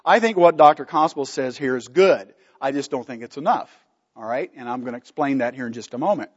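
A man's voice: mid-range voice, fairly quick, slightly rough, big-room sound, dull audio. A man teaching a Bible study from slides, emphatic, putting questions to the class and answering them himself.

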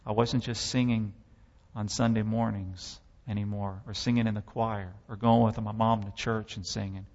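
A man's voice: lowish voice, flat delivery, moderate pace, darkish tone, big-room sound, highs cut off. A man giving a sermon testimony, telling his story with impassioned, dramatic swells.

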